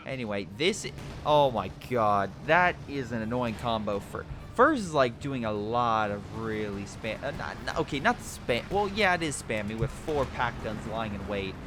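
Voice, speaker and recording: Animated man casting a game replay. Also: medium pitch, over music. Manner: excitable, laughs, voices units in quick asides. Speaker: game caster. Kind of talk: replay commentary. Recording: game noise behind the voice. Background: artillery and gunfire game sounds.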